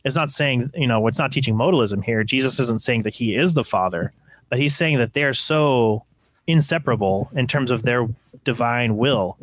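A man's voice: medium pitch, normal speed, dry recording. A man co-hosting a podcast, earnestly explaining scripture with math analogies in casual discussion. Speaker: podcast co-host.

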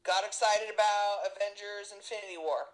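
A woman's voice: medium pitch, steady tone, brisk, rough recording. A woman co-hosting a casual podcast, blunt and teasing in her banter. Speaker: podcast co-host.

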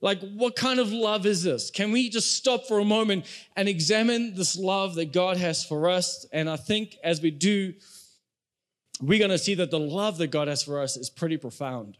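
Young guy pastor preaching, kinda high voice, chatty, talks right to the church. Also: moderate pace. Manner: conversational preaching, addresses the congregation directly. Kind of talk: sermon.

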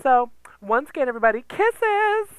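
A man's voice: very high-pitched, very animated, normal speed, fairly bright tone, clear, resonant tone, no room sound, voice pushed up, full character voice, low-quality recording. A man doing a campy, dramatic drag queen persona who hosts a podcast and rants theatrically into a computer sound recorder. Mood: sign-off. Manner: theatrical, gasping, swearing, camp. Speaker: podcast host. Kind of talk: ranting podcast monologue.

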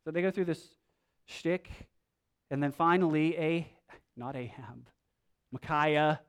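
A man's voice: fairly high pitch, takes it slowly, smooth. A male pastor preaching a sermon in a conversational way, with wry asides.

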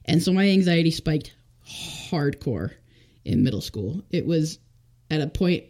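Woman in her twenties, podcast guest, relaxed chatty testimony, lots of "like". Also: deep voice, measured pace. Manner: chatty, full of fillers, acts out quotes. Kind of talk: casual testimony interview.

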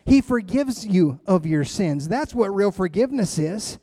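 A man's voice: sits high, animated, a little slow, warm tone, no echo. A man giving a sermon as a pastor, speaking in an emphatic, conversational way and often repeating phrases.

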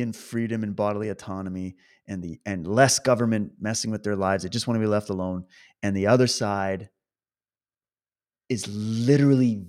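A man talks straight to his viewers in an impassioned, animated monologue. He laughs often and moves between mocking and grave tones. His voice sits at an ordinary middle pitch for a man. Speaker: protest supporter addressing viewers.

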